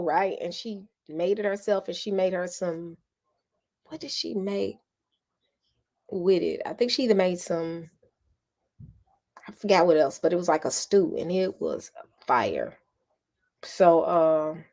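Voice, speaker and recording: A middle-aged woman, chatting casually with her live viewers. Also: lowish voice. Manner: chatty, animated, addresses viewers as y'all. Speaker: vlogger talking to live viewers. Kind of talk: casual live-stream chat.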